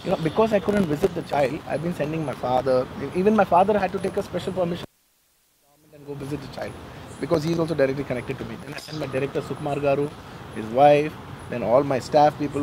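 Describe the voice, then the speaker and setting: A man's voice: mid-range voice, fast talker, background noise. A man giving an earnest, emotional statement to reporters, often repeating himself. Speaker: film actor speaking to the press. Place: outdoor garden during a press meet.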